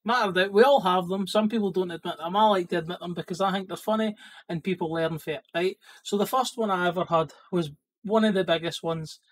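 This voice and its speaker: A man with a Scottish accent, a plumber telling work stories to camera in a casual, sweary, lively way. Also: sits high, brisk, rough recording. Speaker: plumber and vlogger.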